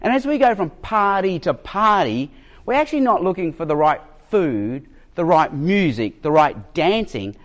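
A man preaching a sermon as a pastor, emphatic and given to storytelling, with jokes and pauses for effect. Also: sits high, big pitch swings. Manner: storytelling, emphatic, varies his pace.

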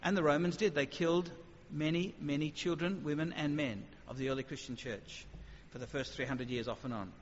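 A man giving an animated, conversational talk on faith to an audience, with lively acted asides before taking questions. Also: on the high side, a little fast, hardly any pauses. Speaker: speaker. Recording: muffled hall recording with faint noise.

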